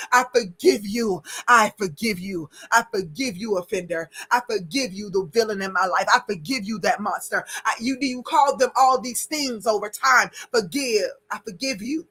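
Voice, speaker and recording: A woman with a bright, tense voice guides listeners through deep breaths and release. She preaches with fervor and repeats short phrases like a chant. Her delivery builds again and again toward near-shouts. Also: normal speed, hardly any pauses, slightly rough. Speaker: podcast host. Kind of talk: impassioned spiritual guidance.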